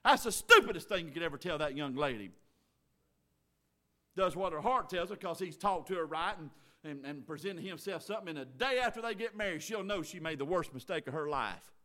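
A man preaching a sermon as pastor, folksy, moving from quiet asides to loud shouting. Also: on the high side, animated, fairly quick.

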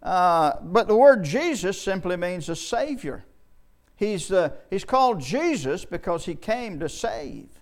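High-voiced man preaching a folksy sermon. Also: sing-song. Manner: folksy, repeats and restarts words, slows for scripture.

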